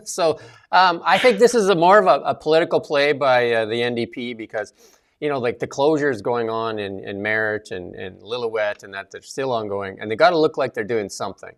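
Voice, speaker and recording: A man's voice: mid-range voice, expressive, a little fast. A middle-aged man co-hosting a casual political chat, rambling with many fillers and restarts. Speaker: co-host.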